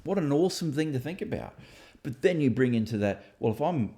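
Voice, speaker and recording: A man's voice: medium pitch, animated, brisk, warm tone. A man hosting a casual discussion, reflective and thinking aloud with fillers and restarts. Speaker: author and host.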